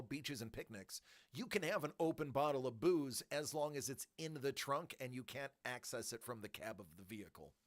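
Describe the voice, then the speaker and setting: A man hosting a collectibles channel, telling a story in a joking, animated way and acting out the voices. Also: on the high side. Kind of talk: casual storytelling.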